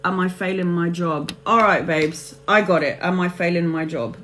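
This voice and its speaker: A woman's voice: on the low side, moderate pace, fairly bright tone, a little hiss or hum. A woman hosting a live tarot reading, chatting casually with viewers and calling them honey and babes.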